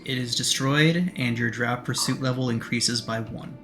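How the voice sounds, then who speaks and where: A man running a tabletop game as game master, giving quick rulings with frequent laughs. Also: medium pitch, music in the background. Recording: noisy home recording.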